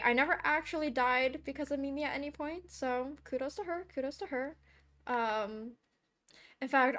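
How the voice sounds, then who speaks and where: A young woman art streamer chatting casually and giggling while she draws, sometimes cooing baby talk at her cat. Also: high-pitched. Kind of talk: casual chat while drawing. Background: soft background music.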